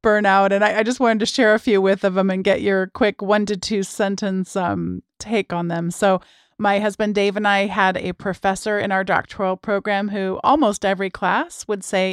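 Smooth-voiced woman podcast host. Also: mid-range voice, level tone, dry recording, studio quality. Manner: reads quotes aloud slowly, laughs easily. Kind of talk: conversational interview.

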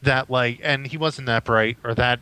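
A man's voice: medium pitch, fairly even intonation, normal speed, pushed and bright, clean tone, no room sound, low-quality recording. A man co-hosting a podcast, talking bluntly and casually with some swearing. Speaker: podcast co-host. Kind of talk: casual chat.

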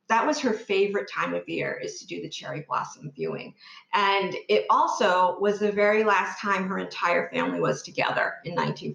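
A woman's voice: medium pitch, vocal fry, a bit bright, echoey room, low-quality recording. A woman who is an author, talking earnestly and thoughtfully as an interview guest. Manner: earnest, reflective. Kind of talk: interview and reading aloud.

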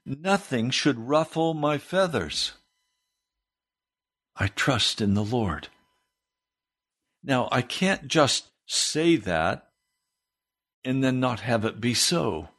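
A man preaching a sermon as pastor, swinging his pitch up into emphatic questions. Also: a bit bright.

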